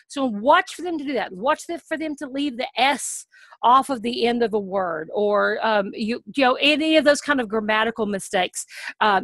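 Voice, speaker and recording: A middle-aged woman giving casual, upbeat advice on online English teaching, checking in with "okay?" and slowing right down to model words the way she would for a child. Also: fairly high pitch, a bit bright, dry recording. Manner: upbeat, coaching, frequent "okay?" check-ins. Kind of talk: casual instructional talk to camera.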